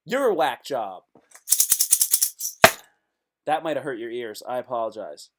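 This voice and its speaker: A man's voice: mid-range voice, expressive, unhurried, over loud music. Guy live streaming, rambling jokes, cusses a lot, slips into goofy freestyle rap. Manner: jokey, rambling, swears, breaks into freestyle rap.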